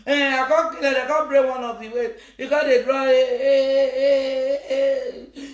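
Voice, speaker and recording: A woman's voice: high-pitched, flat delivery, measured pace, reverberant. A woman with a Nigerian Pidgin accent, chatting comically on a live stream, teasing, chanting and laughing. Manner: teasing, sing-song, laughing. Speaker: social media host.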